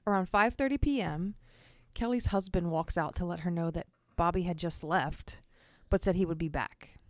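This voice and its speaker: Woman doing true crime podcast narration, lowish voice, earnest, dry close sound. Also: moderate pace, dry recording. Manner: earnest, direct asides to listeners. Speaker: podcast host.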